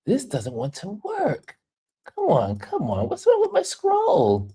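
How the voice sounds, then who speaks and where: A woman from New York hosting a travel livestream, telling stories in a casual, animated way and laughing often. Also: fairly high pitch, takes it slowly, breathy edge. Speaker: travel vlogger and livestream host.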